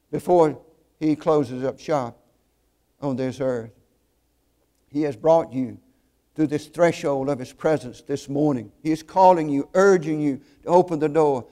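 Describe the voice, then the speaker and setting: A man preaching a sermon, telling stories earnestly and slowing down to stress key points. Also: fairly high pitch, mellow. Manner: earnest storytelling, slows for emphasis.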